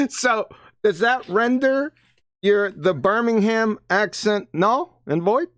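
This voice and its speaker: A curious man on a podcast keeps asking questions and laughs often. His pitch swings a lot, and the sound is dry and close. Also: lively intonation, takes it slowly, a bit bright, no echo. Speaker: podcast co-host. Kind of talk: casual chat.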